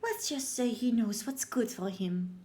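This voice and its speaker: A woman's voice: a little high, lively intonation, measured pace, very noisy. A woman voicing a fawning middle-aged female prison warden who talks in sugary endearments. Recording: loud game music behind.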